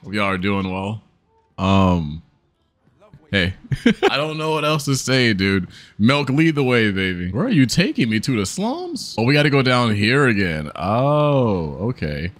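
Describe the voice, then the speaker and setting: A man's voice: fairly low pitch, big pitch swings, measured pace, a bit bright. A young man giving casual, profane, joking commentary over his gameplay, talking straight to his viewers. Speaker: gaming YouTuber.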